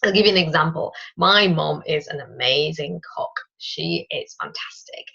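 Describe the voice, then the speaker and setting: A woman in her thirties hosting a solo business podcast, talking straight to the listener in a chatty, lively way. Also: low-pitched, moderate pace, gravelly, husky. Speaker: podcast host. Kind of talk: casual solo business talk. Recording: dull lo-fi recording.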